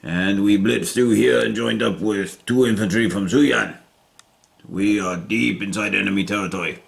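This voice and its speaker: A man's voice: on the low side, normal speed, creaky. A man voicing a cocky Japanese emperor with a put-on Japanese accent, formal and stilted. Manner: formal, stilted, pleased with himself.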